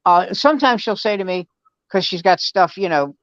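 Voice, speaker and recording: A man's voice: high-pitched, normal speed, no echo, muffled recording. A man in his seventies, a veteran comedian, casually telling stories and acting out his family's lines over a video call. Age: 70s. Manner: animated storyteller acting out family dialogue. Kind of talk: casual storytelling chat.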